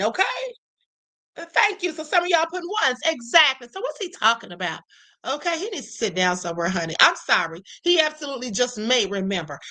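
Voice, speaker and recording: Woman host, high bright voice, sassy, reacts to clips for her viewers. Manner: sassy, talks straight to viewers, repeats rhetorical questions. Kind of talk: reaction commentary livestream.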